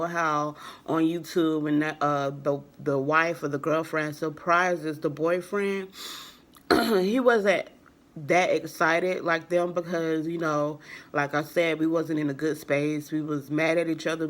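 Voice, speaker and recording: A young woman vlogger telling a personal story in a casual, rambling way. She uses lots of fillers and keeps acting out what people said with "I was like.". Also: low-pitched.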